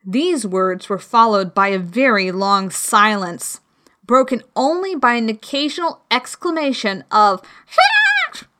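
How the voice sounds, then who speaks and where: A woman reading a children's classic aloud as the narrator, slow and clear. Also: medium pitch, expressive, sharp tone. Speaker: audiobook reader. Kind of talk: storybook narration.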